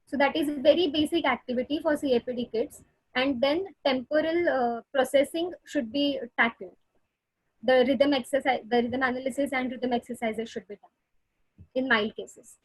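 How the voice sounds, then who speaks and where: A woman's voice: sits high, moderate pace, husky, dry recording, low-quality recording. A woman speech therapist giving a webinar lecture over a video call, explaining patiently with many fillers and restarts. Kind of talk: webinar lecture answering questions.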